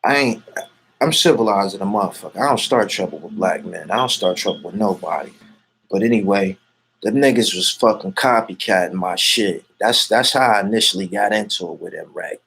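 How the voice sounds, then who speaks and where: A man's voice: fairly low pitch, fairly quick, creaky, a bit bright, husky. A man answering an interviewer in loose, casual street talk. He brags and swears freely and drifts from point to point as he goes. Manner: boastful, profane, rambling.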